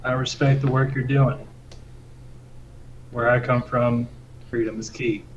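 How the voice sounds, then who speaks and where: A man's voice: medium pitch, little pitch movement, unhurried. A man playing a tabletop game, talking in a hesitant, stammering way. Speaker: player. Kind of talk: casual tabletop play. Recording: dull noisy recording.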